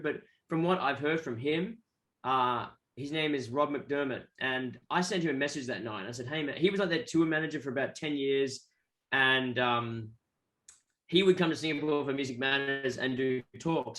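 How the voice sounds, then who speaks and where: In a relaxed interview, an Australian musician appearing as a guest spins meandering anecdotes and mimics the voices of those he quotes. His voice is fairly high and a little bright.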